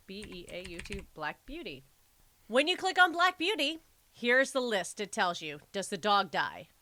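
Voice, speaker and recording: A woman co-hosting a casual podcast, telling stories with emphatic, animated delivery. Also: medium pitch, normal speed. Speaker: podcast co-host. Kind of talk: casual chat.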